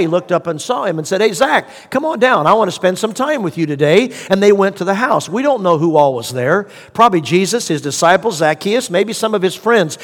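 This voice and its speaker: Male preacher, high-pitched, rhetorical questioning style, long hall reverb. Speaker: pastor. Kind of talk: sermon.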